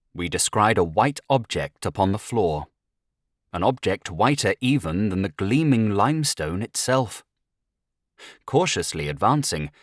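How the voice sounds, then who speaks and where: A man's voice: fairly low pitch, no room sound, studio quality. A man reading a horror story aloud as first-person audiobook narration, with dramatic rises at tense moments.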